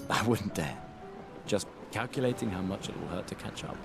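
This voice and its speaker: A dry, gravelly expedition member. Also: male voice, lowish voice, brisk. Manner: dry, understated humor. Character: steady, wry man about to leave on an expedition. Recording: game audio with music underneath.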